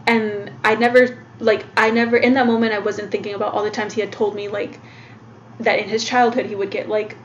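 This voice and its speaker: A woman co-hosting a podcast in casual chat, talking freely with many fillers and curse words. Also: medium pitch. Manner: chatty, full of "like" and swearing. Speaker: podcast co-host. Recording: dull lo-fi sound with faint noise.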